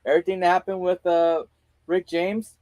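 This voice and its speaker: A man in a casual chat who talks slowly and haltingly with many fillers. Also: high voice, flat delivery, darkish tone, dry recording, lo-fi sound.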